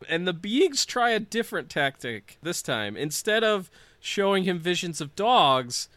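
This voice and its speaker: Bright, crisp-voiced podcast host. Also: male voice, high-pitched, measured pace, no echo. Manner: animated, laughs often, jokey asides. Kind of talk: casual storytelling chat.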